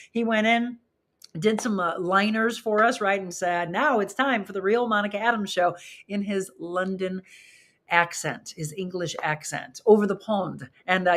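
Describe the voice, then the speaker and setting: Chatty woman host reading viewer comments. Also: medium pitch. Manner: chatty, reads comments aloud, asks viewers questions. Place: studio with flowers behind her.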